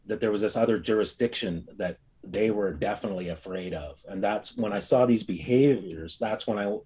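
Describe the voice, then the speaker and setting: A man's voice: fairly low pitch, slightly rough. Man telling a rambling courtroom anecdote. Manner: rambling, animated storytelling with fillers. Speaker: speaker recounting an experience. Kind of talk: casual anecdote.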